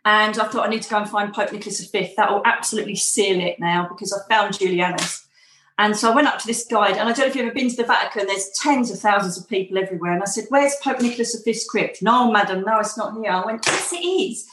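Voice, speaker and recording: A woman's voice: mid-range voice, fast talker, a bit bright, roomy sound, a little hiss or hum, rough recording. A woman being interviewed, telling a personal story in a chatty way and acting out the dialogue. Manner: chatty, acts out quoted dialogue. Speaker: interview guest.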